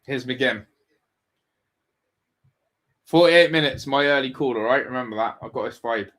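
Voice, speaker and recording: A man's voice: medium pitch, moderate pace, a bit bright. A man hosting a live football watch-along, ranting and swearing in exasperation at his team. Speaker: fan channel host.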